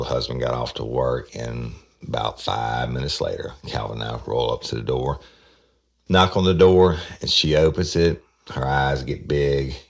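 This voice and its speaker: A man with an extremely deep, gravelly voice recounts an old arrest as a former detective. He talks bluntly and swears freely, in a casual, tough storytelling manner. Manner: blunt, profane, tough-talking. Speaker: former detective telling a case. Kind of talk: casual true-crime storytelling.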